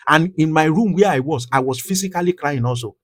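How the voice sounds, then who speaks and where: A man preaching a fervent sermon, reading scripture in King James wording and building to a louder, higher pitch. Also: fairly quick, no echo, clean studio sound.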